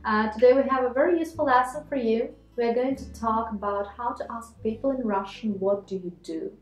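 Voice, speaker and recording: A woman co-hosting a video language lesson, explaining clearly and repeating example phrases slowly. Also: fairly high pitch. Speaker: language teacher co-host. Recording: echoey room with faint guitar music.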